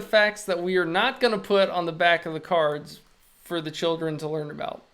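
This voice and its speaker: Streaming illustrator, mid-pitched and a bit gravelly, deadpan jokes between drawing remarks. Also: moderate pace. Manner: wry, self-amused, joking often with laughs. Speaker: illustrator live-streaming work. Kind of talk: casual live-stream chat while drawing.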